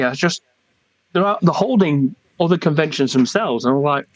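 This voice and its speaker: A man's voice: sits high, lively intonation, moderate pace, a bit bright, dry recording, low-quality recording. A man with a Wigan accent, chatting as an interview guest in a colloquial, rambling way. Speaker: convention organiser, guest. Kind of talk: casual interview chat.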